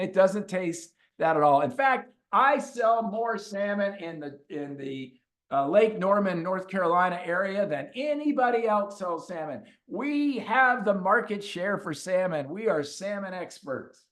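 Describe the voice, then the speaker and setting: A man speaking as a coach in a webinar, telling stories in an animated way and repeating points for emphasis. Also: high voice, measured pace. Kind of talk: webinar talk with storytelling.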